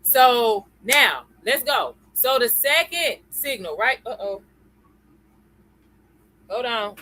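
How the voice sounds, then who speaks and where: A woman's voice: fairly high pitch, big pitch swings, slow pace, sharp tone, poor audio. A woman hosting a live-stream lesson. She talks in a chatty way, greets viewers by name and keeps checking in with "okay?" and "y'all.". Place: at home computer.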